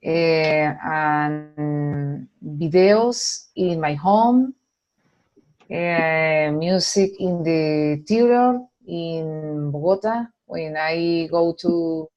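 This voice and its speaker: A woman's voice: low-pitched, drawn-out words, highs cut off. A woman, an adult student answering in English, hesitant and searching for words.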